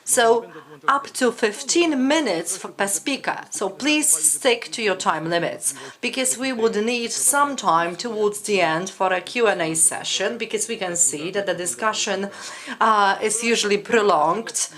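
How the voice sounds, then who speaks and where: A woman interpreting academic conference talks in real time, measured and pausing often with hesitations. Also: mid-range voice, a bit bright.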